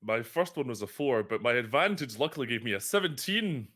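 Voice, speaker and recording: A man playing in a tabletop game, telling things in a chatty, animated way. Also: mid-range voice, brisk. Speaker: player. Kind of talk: casual tabletop game chat.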